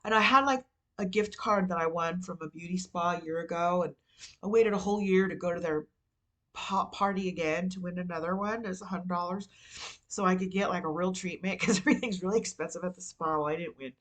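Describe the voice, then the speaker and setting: A woman's voice: lowish voice, brisk, fairly bright tone, rough recording. A woman hosting her own show, talking in a rambling, confessional way, full of "you know" and "like," and swearing casually. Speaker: podcast host. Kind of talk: candid personal vlog monologue.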